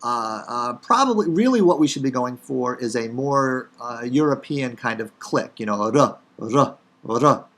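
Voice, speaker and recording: Chicago guy teaching hebrew letters, lots of uhs and ums, dry jokes, middle pitched voice. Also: animated, moderate pace, hardly any pauses, fairly bright tone. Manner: casual, wry teaching with many fillers. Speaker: Hebrew instructor. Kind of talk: recorded lecture.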